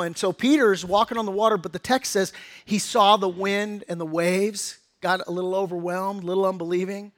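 A middle-aged pastor preaching a sermon in a conversational, story-telling way, acting out quotes from his family. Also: high-pitched.

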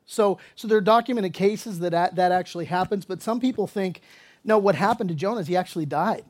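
Casting note: high-pitched male pastor, chatty sermon delivery, jokey asides. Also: a little fast, darkish tone. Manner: casual, conversational preaching with asides and acted-out dialogue. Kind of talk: expository sermon.

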